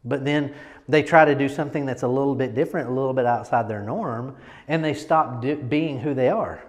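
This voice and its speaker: A man's voice: mid-range voice, a little fast, big-room sound. A man coaching a group on presentation, talking casually and emphatically and often checking in with "right?". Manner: emphatic, repeats words, lots of "right?". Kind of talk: casual teaching talk.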